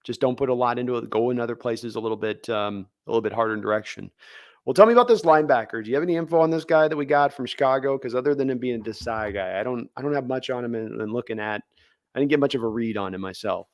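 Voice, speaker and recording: A man's voice: mid-range voice, fast talker, no echo, clean studio sound. A man co-hosting a casual sports podcast, talking in a rambling way with frequent restarts. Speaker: podcast co-host.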